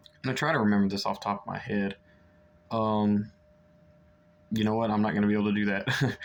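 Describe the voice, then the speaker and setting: Young guy reviewing a book, kinda low voice, lots of ums and likes, loose and chatty. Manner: rambling, many fillers and restarts. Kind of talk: casual book review chat.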